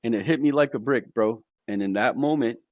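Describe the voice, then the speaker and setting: A man guest on a podcast telling his own story in a casual, animated way, tossing in slang like "bro.". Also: mid-range voice, fairly quick, a little hiss or hum.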